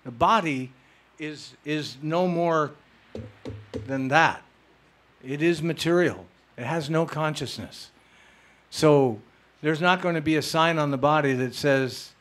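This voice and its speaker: A man with a slightly high voice speaks slowly, giving a spiritual lecture and answering questions from the audience. He's animated, playful, teasing, and emphatic.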